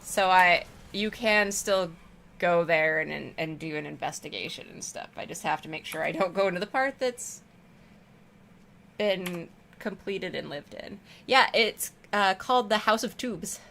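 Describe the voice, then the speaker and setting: A woman's voice: fairly low pitch, expressive, measured pace, vocal fry, fairly bright tone. A woman streamer chatting casually with her viewers while she plays a game, rambling and affectionate. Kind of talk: casual chat while gaming.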